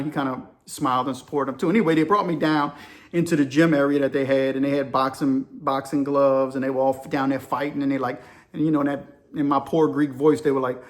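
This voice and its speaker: A man talking casually and persuasively to his viewers, calling them y'all as he hosts his own channel. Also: fairly high pitch. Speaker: channel host. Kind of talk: casual opinion monologue to camera.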